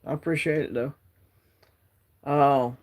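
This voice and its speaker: A man's voice: a little high, steady tone, takes it slowly. A man hosting a casual livestream from his phone, rambling and reading out the chat. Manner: rambling, drawling, reads chat aloud. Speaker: livestream host.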